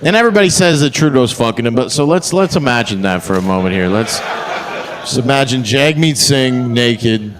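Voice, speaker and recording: A man's voice: medium pitch, lively intonation, normal speed, crowd noise. Brash, crude male stand-up comic. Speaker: stand-up comedian. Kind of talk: stand-up set. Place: comedy club stage.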